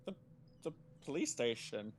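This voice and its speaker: A man's voice: medium pitch, normal speed. A man playing a tabletop game with friends, joking and declaring his character's actions. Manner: joking, animated. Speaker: player. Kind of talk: casual tabletop game play.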